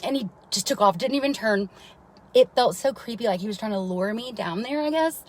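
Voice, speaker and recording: Fairly high-pitched, animated, and fairly quick, a mother recounts a long, rambling personal story on stream, heard over poor audio. She swears often and keeps asking listeners "right?"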